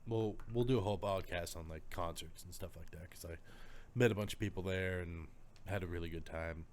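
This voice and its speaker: Low-voiced man in his thirties, podcast co-host, teasing and joking in relaxed chat. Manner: joking, quick to tease. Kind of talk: casual chat.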